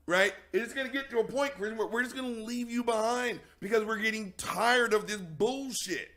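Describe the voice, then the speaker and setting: Male host, high bright voice, profane mocking rant, bursts of shouting. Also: normal speed. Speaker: show host. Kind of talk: heated commentary rant.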